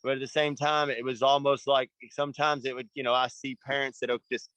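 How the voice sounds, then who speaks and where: A man's voice: medium pitch, flat delivery, fairly quick, fairly bright tone, dry recording, rough recording. A man coaching young motocross riders, talking in an earnest, rambling way and often asking "you know what I mean.". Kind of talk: casual coaching talk.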